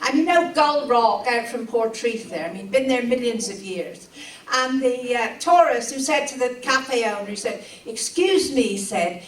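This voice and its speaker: A woman's voice: a little high, lively intonation, normal speed. An older woman from Cornwall with a Cornish accent, telling anecdotes about dialect with chuckles and relish. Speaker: dialect speaker and storyteller. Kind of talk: anecdotal storytelling. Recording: roomy echo from a distance.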